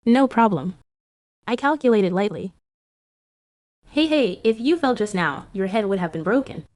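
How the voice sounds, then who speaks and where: Female narrator, manhwa recap voice-over, mid-pitched, dry close mic, reads all the parts herself. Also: expressive, normal speed, a little mellow, no echo.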